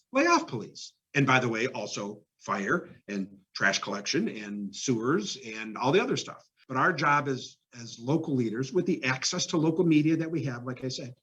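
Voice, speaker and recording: A mayor answering interview questions in casual, conversational talk, with many fillers and restarts and sudden emphatic rises. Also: male voice, medium pitch, very animated, moderate pace, few pauses, sharp tone, slightly rough. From Ohio. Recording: dull lo-fi podcast audio.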